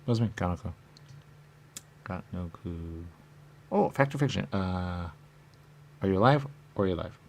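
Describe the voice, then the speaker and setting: A man's voice: deep voice, animated, moderate pace, vocal fry, long pauses, darkish tone, slight background noise. A man as a radio host, delivering a rambling comic monologue and asking and answering his own questions in repetitive loops. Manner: rambling and silly.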